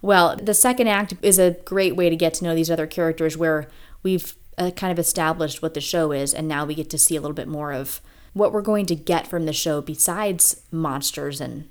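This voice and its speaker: A woman co-hosting a podcast in casual chat, talking with enthusiastic, animated energy. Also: deep voice, normal speed. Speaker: podcast co-host.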